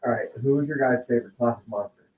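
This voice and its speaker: A man's voice: mid-range voice, rapid-fire. A man chatting casually, rambling and full of fillers as he tells stories. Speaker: podcast guest. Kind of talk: casual chat. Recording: tinny, roomy sound from far off.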